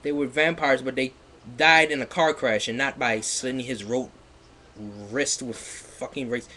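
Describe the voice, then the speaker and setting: A man's voice: medium pitch, steady tone, unhurried. Sarcastic man mocking a fan fiction reading. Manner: sarcastic, breaks into laughter and loud outbursts. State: slightly stuffy. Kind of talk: mocking dramatic reading with commentary.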